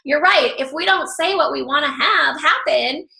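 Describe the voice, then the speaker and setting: A woman's voice: high voice, moderate pace, vocal fry, bright, forceful tone. A woman leading an online training call for her group, upbeat and encouraging with loose fillers, her voice a little worn. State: slightly losing her voice. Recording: echoey room.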